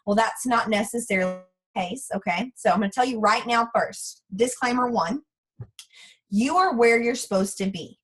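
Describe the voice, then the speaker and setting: Lady in her 30s talking to her sales team, kinda husky, higher voice, chatty and frank. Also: moderate pace, poor audio. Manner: chatty, frank and animated, acts out quoted voices. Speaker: guest speaker for a sales team. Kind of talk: casual motivational talk.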